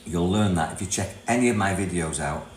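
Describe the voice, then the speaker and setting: Older man from Britain, low voice, casual rambling livestream talk, echoey room with faint hum. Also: brisk. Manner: chatty, rambling, reads comments aloud, laughs often. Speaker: livestream host, self-help coach. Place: property in Thailand.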